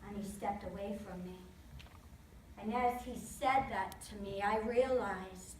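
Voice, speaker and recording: A woman telling a story as a sermon, in an animated, emphatic way. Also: medium pitch, a little slow. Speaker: guest storyteller in church. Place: chapel. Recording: roomy chapel from a distance.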